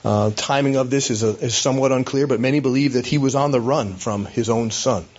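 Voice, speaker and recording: A man's voice: medium pitch, a little fast, a little mellow, muffled recording. A man preaching a sermon as a pastor, in a conversational, storytelling way with hesitations.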